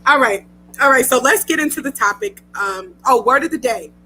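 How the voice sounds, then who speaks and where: A woman's voice: high-pitched, expressive, normal speed, sharp tone, slight background noise, low-quality recording. A young woman hosting a radio talk show, chatty and emotional, often laughing. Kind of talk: casual chat.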